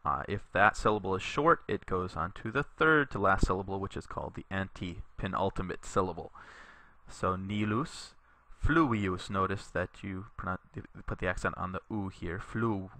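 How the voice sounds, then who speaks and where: A man teaching a Latin lesson in a recorded tutorial, reading sentences slowly for learners to repeat and explaining patiently with a few fillers. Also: low voice, pushed and bright. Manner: slow, deliberate reading aloud for learners to repeat.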